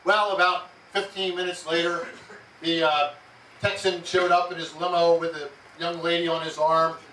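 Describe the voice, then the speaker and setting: Brief: male keynote speaker, upbeat joking storyteller, slightly high voice, caught from far off in an echoey room with hiss. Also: normal speed. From New Jersey. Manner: lively, jokey anecdotes with frequent laughs. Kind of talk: storytelling speech to an audience. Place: yacht club event room. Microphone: far amateur camera. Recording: roomy, distant, noisy amateur tape.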